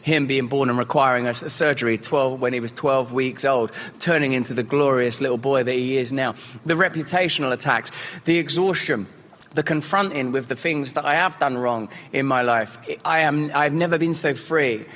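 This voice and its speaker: A man's voice: medium pitch, normal speed, fairly bright tone. Fervent preacherly man, roomy echo. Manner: fervent, preacherly, ornate wording. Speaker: guest. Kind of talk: earnest spiritual testimony.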